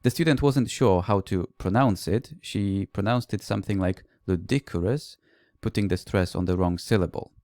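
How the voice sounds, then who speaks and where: A man's voice: fairly low pitch, normal speed, hardly any pauses, a little mellow, no echo, clean studio sound. A man, a language teacher, giving a recorded conference presentation that mixes explanation with classroom anecdotes and the odd "uh".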